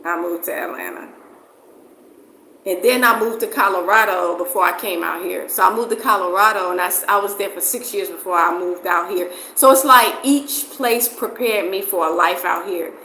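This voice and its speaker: A middle-aged woman from New Jersey, her accent blending New Jersey and Southern US, rambles loosely as an interviewee with many "like" fillers and repetitions. Her fairly low voice has a sharp tone at normal speed, recorded with roomy echo and faint background noise.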